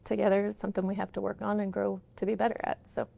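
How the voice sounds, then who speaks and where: A woman's voice: mid-range voice, level tone, quick pace, vocal fry, mellow, no echo. A middle-aged woman answering interview questions in an earnest, candid way, often saying "you know", in a studio. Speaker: guest, horse trainer's wife and business partner.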